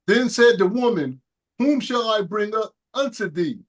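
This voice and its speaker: A man reading archaic scripture aloud in a steady, plain manner during a Bible study. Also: sits high, measured pace. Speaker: scripture reader.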